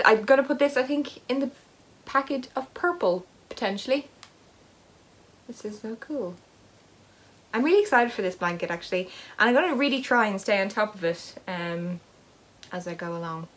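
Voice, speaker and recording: A woman's voice: a little high, normal speed, a bit bright. A woman who hosts a knitting podcast, talking in a casual, rambling vlog with self-deprecating asides as she unboxes advent yarn. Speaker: knitting vlogger and podcast host.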